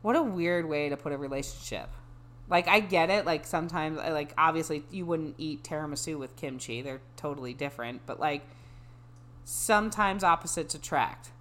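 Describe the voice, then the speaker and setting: A woman's voice: sits low, normal speed. A woman reading a dating profile aloud and mocking it in casual podcast chat. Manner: sarcastic, mocking commentary with a flat reading voice.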